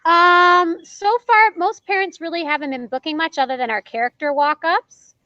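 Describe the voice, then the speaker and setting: Bright, high-voiced woman telling stories. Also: moderate pace, no echo. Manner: animated, acts out quoted dialogue, laughs often. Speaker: party character performer. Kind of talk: casual interview storytelling. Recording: dull lo-fi dry sound.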